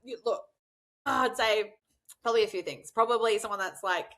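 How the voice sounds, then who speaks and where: A woman's voice: on the high side, moderate pace, a bit bright. A woman hosting a podcast, chatting casually, swearing freely and laughing often. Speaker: podcast host. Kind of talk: casual chat.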